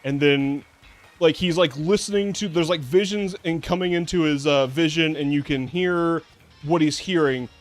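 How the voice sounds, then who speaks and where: A man's voice: on the high side, moderate pace, faint music behind. A man streaming a game and chatting casually, rambling with lots of fillers and restarts, sarcastic and swearing now and then. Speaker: VTuber streamer. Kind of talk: casual gameplay commentary.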